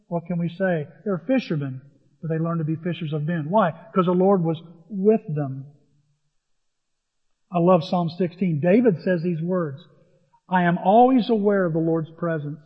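A man's voice: high voice, measured pace. A man preaching a sermon in a conversational storytelling way, retelling scenes as he goes. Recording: long hall reverb, dull lo-fi.

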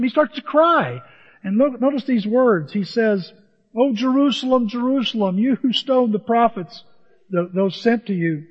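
A middle-aged male pastor preaching a sermon, telling homespun farm stories and swinging from loud to hushed. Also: high-pitched. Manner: folksy storytelling with sound effects, swings from loud to hushed. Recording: dull lo-fi audio with hall reverb.

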